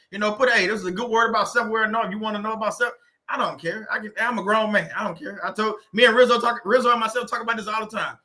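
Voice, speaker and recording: A man's voice: sits high, pushed and bright. A man hosting a casual livestream, laughing often and reading viewers' comments aloud. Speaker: livestream host.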